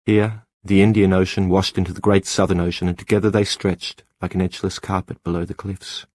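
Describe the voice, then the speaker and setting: A man with a very low voice reads an audiobook in a measured, lyrical way. The recording is dry and close, with no room sound. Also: level tone, a little mellow, no echo. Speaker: audiobook narrator. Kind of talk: scripted audiobook narration.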